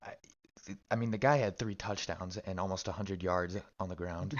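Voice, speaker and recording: A man's voice: deep voice, steady tone, normal speed, dull audio. A man co-hosting a casual sports talk show, rambling and cursing freely, with lots of restarts. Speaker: sports podcast co-host. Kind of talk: casual chat.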